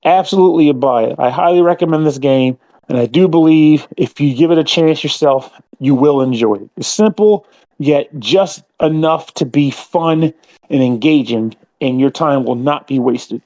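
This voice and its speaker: A man's voice: a little high, normal speed, warm tone. A man giving an earnest game review and chatting casually on a podcast.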